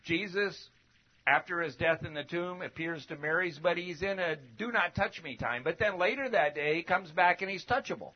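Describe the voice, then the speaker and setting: Animated preacher man, higher voice. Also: normal speed. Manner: animated, swings from loud emphatic bursts to low asides; conversational, uses rhetorical questions. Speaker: preacher teaching a Bible lesson. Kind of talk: sermon. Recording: dull lo-fi recording.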